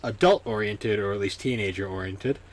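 With a fairly low pitch and a slightly fast delivery, this young co-host keeps the talk on his gaming podcast loose and casual. He laughs a lot and leans heavily on filler words.

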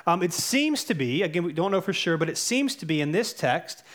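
A man's voice: high-pitched, big pitch swings, brisk. A man in his thirties preaching a sermon as pastor, earnest and conversational, with fillers and self-corrections.

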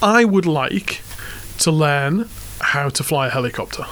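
English guy co-hosting a chatty podcast, a bit higher voice, dry teasing humour. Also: lively intonation, unhurried, fairly bright tone. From England. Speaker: podcast co-host. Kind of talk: casual chat.

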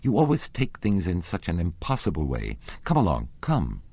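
A nervous young woman with a low, husky voice, as a male audiobook narrator reads her lines. She pleads and insists in a trembling, feverish rush, and her pitch moves around a lot. The audiobook recording is dry and close. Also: wildly swooping pitch, moderate pace, mellow, no echo, exaggerated voice. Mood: frightened, evasive. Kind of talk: audiobook reading.

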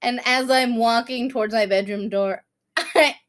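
A woman's voice: a little high, a little slow. A woman in her thirties co-hosting a podcast, telling a story with lots of laughter and casual swearing. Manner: animated storytelling, laughs often, swears freely. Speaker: podcast co-host. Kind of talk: casual chat.

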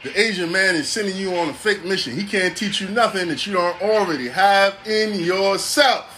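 A man in his forties delivering a casual comedic monologue, animated, preachy and full of profanity. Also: sits high, normal speed, slight background noise. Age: 40s.

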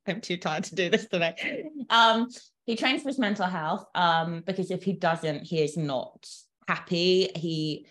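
A British woman in casual podcast conversation. Her voice sits a little low, and she talks in loose, rambling runs. She often breaks into laughter and drops blunt, teasing jokes. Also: unhurried, fairly bright tone. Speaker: podcast co-host.

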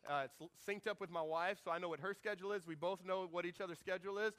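High bright-voiced guy preaching a sermon, jokey, does little voices for quotes. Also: fast talker. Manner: animated, jokey, acts out quotes in shifting voices. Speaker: pastor.

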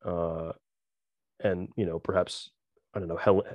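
A man's voice: sits low, steady tone, measured pace, darkish tone, no echo, lo-fi sound. A man hosting a casual conversation, hesitant and full of restarts while he works out his thoughts. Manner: hesitant, restarts, many fillers. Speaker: host.

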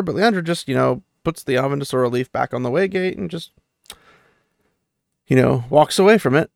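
A man's voice: medium pitch, animated, moderate pace, vocal fry, dry recording, clean studio sound. A man casually recapping and commenting on a fantasy novel chapter, rambling with many fillers. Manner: rambling, many fillers, light quoting of characters. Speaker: book discussion host.

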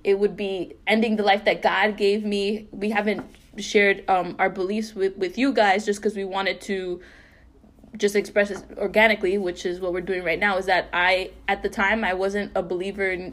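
A young woman co-hosting a podcast, telling a painful personal story in an earnest, halting way full of fillers and restarts. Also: medium pitch, flat delivery, fairly bright tone. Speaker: podcast co-host.

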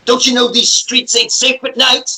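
A man's voice: extremely high pitch, little pitch movement, moderate pace, bright, forceful tone, slightly rough, pitched above the performer's own voice, heavily acted. A man voicing a rowdy male street punk from an eighties film, taunting and swaggering.

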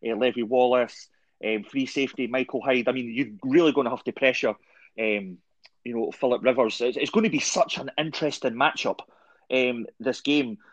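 A man's voice: mid-range voice, normal speed, no room sound. A man hosting a casual sports podcast, rambling with lots of "I mean" and "um". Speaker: podcast host. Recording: dull, dry lo-fi audio.

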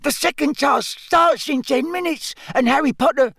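A man voicing an earnest, squeaky male house elf who speaks in broken grammar. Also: normal speed, creaky, a bit bright, dry recording, full character voice. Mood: urgent. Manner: broken grammar, eager, servile.

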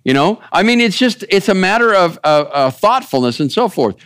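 A man's voice: high voice, sing-song, moderate pace, a bit bright, clear, resonant tone, dry recording, studio quality. A man preaching a conversational sermon, folksy and rambling, often turning to ask the listeners if they follow. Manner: folksy, rambling, asks the audience. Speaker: pastor.

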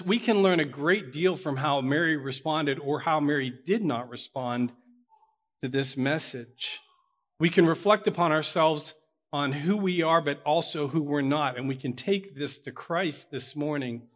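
A man preaching a sermon to his church, earnest and building to emphatic peaks. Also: mid-range voice. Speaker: pastor.

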